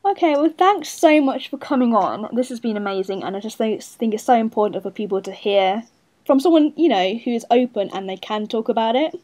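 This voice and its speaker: A woman's voice: fairly high pitch, brisk, darkish tone. A woman hosting a casual interview, encouraging and enthusiastic toward her guest. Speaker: interview host.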